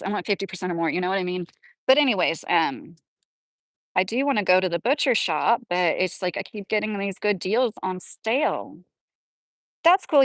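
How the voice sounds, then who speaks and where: Southern woman in her thirties, live-stream host, rambling and chatty, mid-pitched, dry close sound. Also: a bit bright, dry recording. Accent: Southern American. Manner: rambling, chatty, many fillers, reads viewer comments aloud. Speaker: livestream host. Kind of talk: casual live-stream chat.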